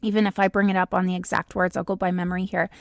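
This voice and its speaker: A woman hosting a podcast, giving an emphatic motivational talk to the listener with slow, deliberate stresses. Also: lowish voice, level tone, vocal fry, no echo. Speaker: podcast host.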